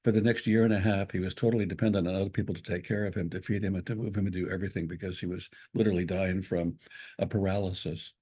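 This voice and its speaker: Male co-host, mellow husky voice, measured storyteller prone to restarts. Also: deep voice, steady tone. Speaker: spiritual talk co-host. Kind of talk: reflective spiritual talk.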